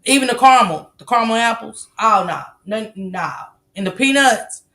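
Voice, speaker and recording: A woman's voice: fairly high pitch, lively intonation, moderate pace, sharp tone. Chatty woman live-streaming. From American South. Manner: loose, chatty, swears freely, laughs often. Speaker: livestream host. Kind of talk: casual live-stream chat reading comments.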